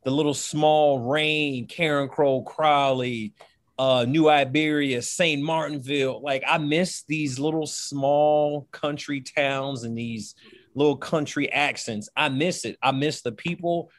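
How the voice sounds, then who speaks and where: A man, a former football player, talking in an animated and emphatic way during an interview. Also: a little high, slow, no echo. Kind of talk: interview conversation. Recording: dry close sound.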